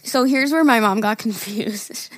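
A woman's voice: a little high, a little slow, a bit bright, no echo, clean studio sound. A young woman co-hosting a podcast, telling a funny family story in casual chat and reading text messages aloud between laughs. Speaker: podcast co-host.

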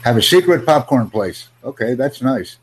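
A man teaching an English conversation lesson over a video call, upbeat and encouraging, speaking in simple, slowed-down phrases. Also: medium pitch, expressive, breathy edge. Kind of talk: live online English lesson.

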